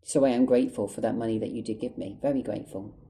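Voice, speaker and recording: A man's voice: mid-range voice, fairly even intonation, fast, dark tone, poor audio. A man telling a story to the camera in an angry, emotional way, swearing a lot and close to tears. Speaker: vlogger. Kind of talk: storytime vlog monologue.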